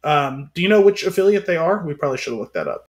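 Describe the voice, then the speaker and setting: A man co-hosting a relaxed podcast chat, cracking jokes and rambling with playful wordplay. His voice sits notably high for a man. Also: quick pace. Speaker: podcast co-host.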